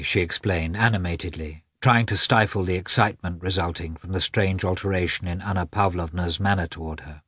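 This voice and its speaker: A man narrating a classic novel as an expressive audiobook reader. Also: low voice, fairly quick, few pauses, husky, dry recording, studio quality. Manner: expressive, varied reading. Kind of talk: scripted narration.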